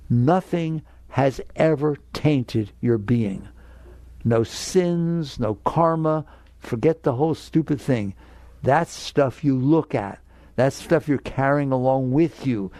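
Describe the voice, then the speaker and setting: An older man with a gravelly voice gives a spiritual talk, direct and emphatic. His tone is dark and mellow, and the recording is dry and close. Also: mid-range voice, unhurried, no room sound. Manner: emphatic, direct, acts out inner voices in quotes. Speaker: spiritual teacher.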